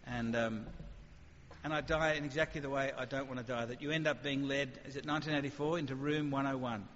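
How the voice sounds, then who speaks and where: A man giving an animated, conversational talk on faith to an audience, with lively acted asides before taking questions. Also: mid-range voice, a little fast. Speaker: speaker. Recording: muffled hall recording with faint noise.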